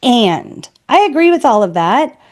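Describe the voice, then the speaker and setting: A woman's voice: on the high side, sing-song, unhurried, darkish tone. A woman sales trainer speaking as a podcast guest, blunt and emphatic. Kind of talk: podcast interview.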